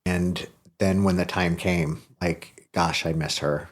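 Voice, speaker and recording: Deep-voiced man talking candidly. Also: steady tone, slow. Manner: candid and self-deprecating, swears freely. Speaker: podcast host. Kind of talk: casual heartfelt conversation.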